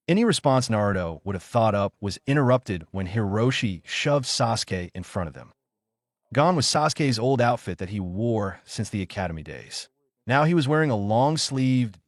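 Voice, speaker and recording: Guy reading fanfic out loud, low voice, lively, super dry close sound. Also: no room sound. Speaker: narrator. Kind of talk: fan fiction reading.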